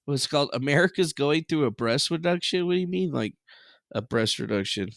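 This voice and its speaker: A man's voice: a little high, animated, brisk, gravelly, dry recording, studio quality. A male streamer chatting casually on a livestream, rambling, sarcastic and full of profanity.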